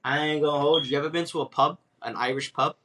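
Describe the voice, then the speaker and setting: A man's voice: a little high, steady tone, fast, pushed and bright, slight background noise. A man co-hosting a podcast, joking around brashly with slang in casual chat. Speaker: podcast co-host.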